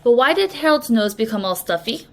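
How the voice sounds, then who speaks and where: A woman English teacher giving a recorded reading lesson, explaining slowly and patiently to young students. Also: a little high, animated. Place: language academy.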